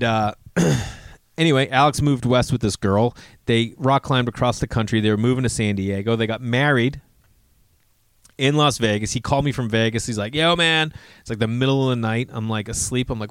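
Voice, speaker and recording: A man's voice: medium pitch, dry recording. Dry, close-sounding American man telling stories. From United States. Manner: rambling, profane, acts out quoted dialogue. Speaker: comedian. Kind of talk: personal storytelling monologue.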